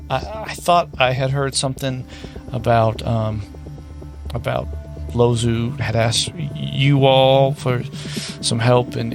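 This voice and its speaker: A man playing a shaken, stammering ship captain. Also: mid-range voice. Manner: hesitant, apologetic, stammering. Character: shaken, wounded older male ship captain.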